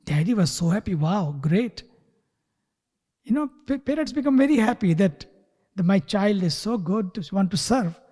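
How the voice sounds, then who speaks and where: A man giving a spiritual talk who tells a story slowly and sometimes drops to a whisper. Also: high-pitched, expressive, warm tone, long reverb tail. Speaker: spiritual teacher. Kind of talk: sermon with storytelling. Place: retreat hall.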